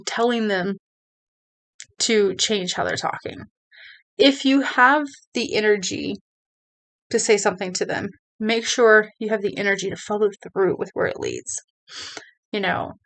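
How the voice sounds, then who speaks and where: Woman vlogging advice, earnest, kinda rambly, lots of "you know" and restarts. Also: medium pitch. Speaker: video creator. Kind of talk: casual advice talk to camera.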